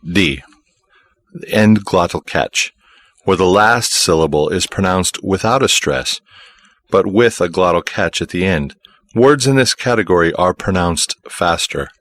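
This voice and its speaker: Measured male course narrator, low voice, dry close sound. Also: expressive, a bit bright, no echo. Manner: measured, explanatory. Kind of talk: scripted instructional narration.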